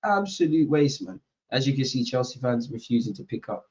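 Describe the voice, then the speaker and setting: Young man, streamer-host of a football watchalong, animated slangy banter, mid-range voice, slightly muffled stream audio. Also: mid-range voice, fairly quick. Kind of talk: casual chat to live viewers.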